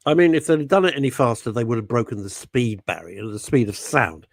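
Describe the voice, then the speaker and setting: A man's voice: medium pitch, fairly quick, creaky, few pauses, no echo, clean studio sound. A man hosting a radio talk show, rambling through stories in casual chat with wry asides. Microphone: studio microphone.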